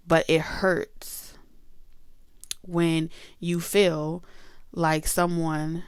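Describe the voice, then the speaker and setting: Chatty woman reading tarot, smooth voice. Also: deep voice, dry recording. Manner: chatty and emphatic, with swearing and asides to viewers. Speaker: tarot reader.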